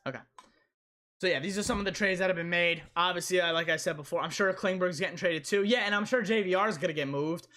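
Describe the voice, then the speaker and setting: A man's voice: high-pitched, fast talker, pushed and bright. A young man hosting a casual live stream, rambling and repeating himself as he answers chat.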